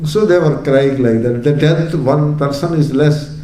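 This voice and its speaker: A man's voice: medium pitch, measured pace, dark tone. A man teaching a Vedanta class through a story, wry, with rhetorical questions and chuckles. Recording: echoey room, faint background noise.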